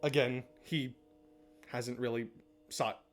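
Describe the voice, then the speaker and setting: A man's voice: medium pitch, fairly even intonation, slow pace. A man recapping and commenting in a casual, chatty way, laughing often and swearing now and then. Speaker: podcast-style episode analyst. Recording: music playing underneath.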